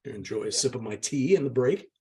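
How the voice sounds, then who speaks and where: A man's voice: medium pitch, expressive, fast, darkish tone. A man, the channel's host, steadily reading a novel's chapter aloud. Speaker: book reader, channel host.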